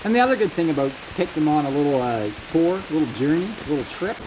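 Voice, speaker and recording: A man's voice: on the high side, expressive, fast talker, background noise. A man casually commentating on his own gameplay, swearing freely and voicing his inner thoughts as he goes. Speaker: gaming commentator. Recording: loud game music behind the voice. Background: loud game music.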